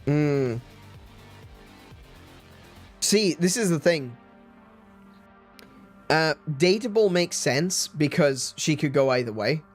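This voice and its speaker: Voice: medium pitch, expressive, slow, long pauses, faint music behind. A stream host chatting casually, often restarting sentences and laughing.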